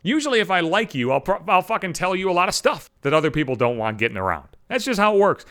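Fast-talking and fairly bright, with a high voice and big pitch swings, the host delivers a profane one-man podcast rant. He curses constantly and mocks the voices of the people he quotes.

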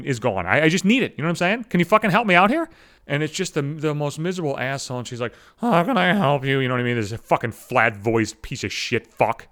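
A man's voice: a little high, fairly bright tone. A man in his thirties hosting a podcast, ranting angrily with constant swearing and mocking asides. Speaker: podcast host. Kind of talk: profane ranting monologue.

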